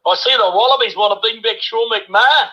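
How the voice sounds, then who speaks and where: A man's voice: high-pitched, a little fast, pushed and bright, rough recording. A man in his sixties from New Zealand, rambling through a rugby voice message and dropping "bloody" and "eh?" into nearly every line. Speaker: caller sending a voice message.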